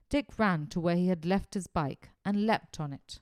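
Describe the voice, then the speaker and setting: A woman narrating a children's adventure story in an expressive, animated reading. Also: lowish voice, unhurried, few pauses, smooth, no echo, clean studio sound.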